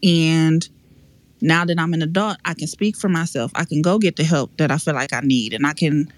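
A woman's voice: low-pitched, moderate pace, dry recording. A woman guest on a podcast, telling a painful personal story in a frank, emotional, slangy way with many restarts.

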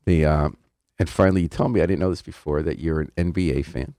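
A man hosting a radio interview in a studio, asking measured, earnest questions. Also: extremely low pitch, dark tone, no echo. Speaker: radio host.

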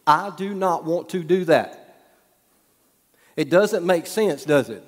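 A man preaching a sermon, telling folksy stories with humorous asides and dropping to a soft hush at times. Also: on the high side, animated, slow. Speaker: pastor. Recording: long hall reverb.

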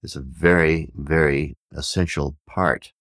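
A man telling a parable and teaching on Vedic wisdom, an animated storyteller who acts out the villagers' shouts. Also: rumbling low, a little slow, dry recording, studio quality. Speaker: podcast host and teacher.

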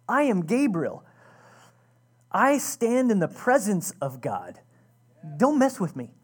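A woman's voice: mid-range voice, sing-song, takes it slowly, pauses often, breathy edge, full character voice. A woman playing a stern, commanding angel. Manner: firm, emphatic, a little teasing.

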